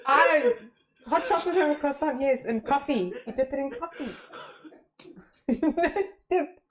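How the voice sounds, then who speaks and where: A woman co-hosting a casual podcast chat, playful and quick to laugh. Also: high-pitched. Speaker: podcast co-host.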